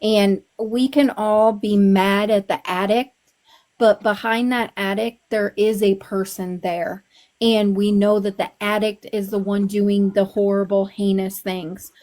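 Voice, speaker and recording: A woman with a mid-range voice that stays flat and even. She speaks earnestly, lecturing the group steadily in a live chat. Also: mid-range voice, unhurried. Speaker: live stream participant.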